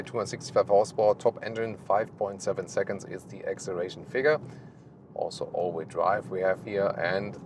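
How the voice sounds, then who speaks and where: A man's voice: lowish voice, steady tone, brisk, background noise. A man with a German accent hosting a walkaround car review, pointing out features one by one in a detailed, upbeat way. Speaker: car reviewer, channel host. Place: beside a car outdoors in Scotland.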